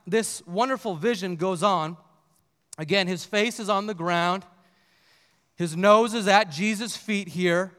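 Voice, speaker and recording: High-voiced male pastor preaching in a hall. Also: fairly bright tone, clean tone. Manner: reads scripture aloud, earnest emphasis. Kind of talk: sermon.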